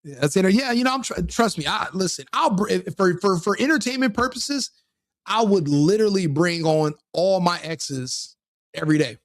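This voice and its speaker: A man's voice: high-pitched, animated, moderate pace, dry recording, clean studio sound. A man hosting his own show, talking casually to his audience in a rambling way, restarting and correcting himself often. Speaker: podcast host. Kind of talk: casual solo commentary.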